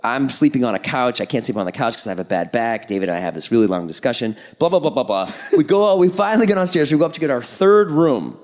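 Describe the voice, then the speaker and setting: A man's voice: mid-range voice, quick pace, hardly any pauses. A man co-hosting a podcast, telling a story in casual chat and acting out what other people said. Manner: animated storyteller, acts out other people's lines. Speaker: podcast co-host.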